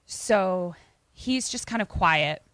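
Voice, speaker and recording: A woman co-host casually retells a film on a podcast, slipping into the characters' lines. Her voice sits somewhat low, and the sound is dry and close. She talks in an animated, chatty way. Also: takes it slowly, dry recording. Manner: animated, acts out quoted lines.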